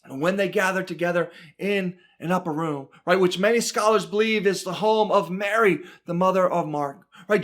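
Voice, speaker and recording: A man teaching a Bible study from the pulpit, reading scripture with dramatic emphasis and constantly checking in with "right?". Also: high-pitched. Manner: animated, keeps adding "right?", reads scripture with dramatic emphasis. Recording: church broadcast.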